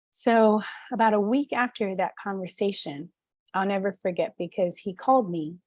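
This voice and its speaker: A woman advocate giving an earnest personal testimony, telling her story haltingly with many pauses and fillers. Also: mid-range voice, darkish tone, dry recording. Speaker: suicide prevention advocate and speaker.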